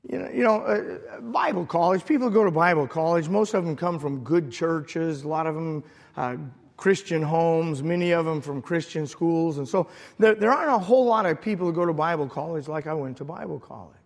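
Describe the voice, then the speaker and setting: Preacher with shouted emotional storytelling. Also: male voice, fairly high pitch, moderate pace, gravelly. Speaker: pastor. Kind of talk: sermon. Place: church sanctuary. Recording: long hall reverb.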